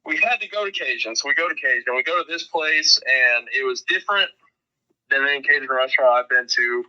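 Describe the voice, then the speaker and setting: A man's voice: medium pitch, a little fast, pushed and bright. A man telling a rambling, profane road story as a guest in a casual podcast chat. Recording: dull lo-fi sound.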